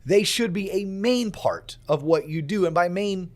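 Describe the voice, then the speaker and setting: A man's voice: high-pitched, expressive, measured pace. A man hosting a casual podcast, talking emphatically and acting out conversations he quotes. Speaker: podcast host.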